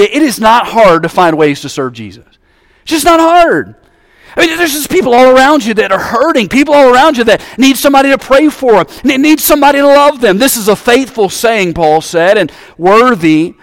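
A man from Alabama, USA, with a Southern American accent, preaches a sermon, his voice climbing into high-pitched, fervent exhortation as he calls out to the congregation. The recording has studio quality with no room sound.

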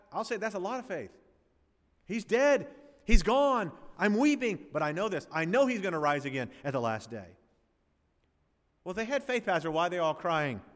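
A man preaches a sermon, his voice sitting a touch high and leaping through a very lively range. He builds to emphatic peaks, then drops to hushed, drawn-out phrases. The sound rings with the long reverb of a large hall, as in a church sanctuary. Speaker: pastor.

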